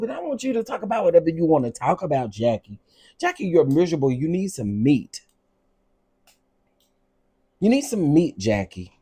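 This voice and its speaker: A man hosting a casual vlog, ranting in an animated, repetitive, exasperated way. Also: on the high side, moderate pace, slightly rough. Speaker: vlog host.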